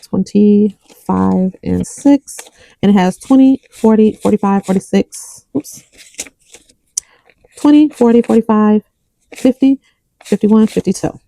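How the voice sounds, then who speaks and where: A woman's voice: medium pitch, slow pace, creaky, long pauses, dark tone, no echo, rough recording. A young adult woman vlogging about her budget, counting bills aloud and telling a story between counts. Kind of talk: casual chat while counting cash.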